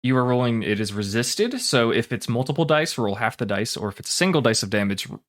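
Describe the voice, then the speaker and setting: A man's voice: mid-range voice, lively intonation, quick pace, fairly bright tone. Casual man narrating a tabletop game. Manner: casual, with frequent um and uh fillers. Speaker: game master.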